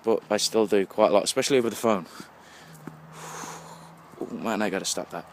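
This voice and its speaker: A tipsy young English man with a low voice rambles and swears his way through a night walk home. He talks into the phone he holds while walking, and a soft hiss of passing traffic sits under his voice. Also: brisk. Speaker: vlogger. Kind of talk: casual rambling monologue. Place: outdoors on a street at night, walking. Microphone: phone held while walking. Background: faint passing traffic.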